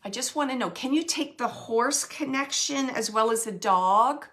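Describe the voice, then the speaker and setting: A woman working as a medium, giving a live reading to an audience member, animated and searching as she relays messages in quoted speech. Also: on the high side, moderate pace. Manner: searching, self-correcting phrasing.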